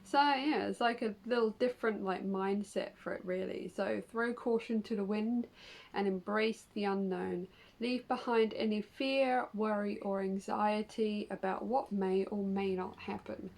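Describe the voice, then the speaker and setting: A woman's voice: mid-range voice, steady tone, a little slow, vocal fry, a little mellow, low-quality recording. A woman giving a casual tarot reading to her viewers, chatty and upbeat, with lots of fillers as she explains each card. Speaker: tarot reader.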